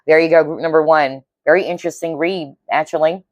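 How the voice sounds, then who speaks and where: A woman's voice: sits low, steady tone, brisk, darkish tone, no room sound. A woman giving a pick-a-card tarot reading, talking earnestly and empathically to her viewers and often checking in with "okay?". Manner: earnest, intuitive, frequent "okay?" check-ins; emotionally moved, empathic. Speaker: tarot reader.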